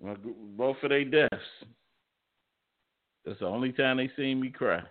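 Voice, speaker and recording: A man's voice: medium pitch, a little slow. A middle-aged man in casual chat, stammering and laughing as he tells stories. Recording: tinny phone-like audio.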